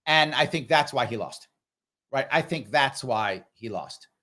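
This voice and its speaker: A middle-aged man hosting a live question-and-answer stream, talking straight to his viewers in a lively, conversational way. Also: mid-range voice. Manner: animated, talks straight to viewers, acts out others in quick voices. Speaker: political commentator and livestream host. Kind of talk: live Q&A commentary.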